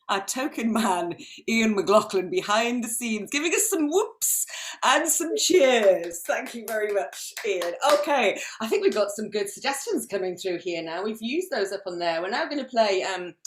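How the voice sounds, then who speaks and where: A woman hosting an online improv comedy show, chatty and quick to laugh. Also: mid-range voice. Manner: lively, chatty, laughs often. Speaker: improv host.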